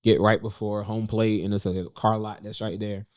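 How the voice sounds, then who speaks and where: His voice is fairly low and smooth, with little pitch movement except when he quotes himself and it lifts. A young podcast co-host from North Carolina, USA, he tells a personal story casually in a cafe, halting through many fillers and restarts. The studio-quality audio has no echo.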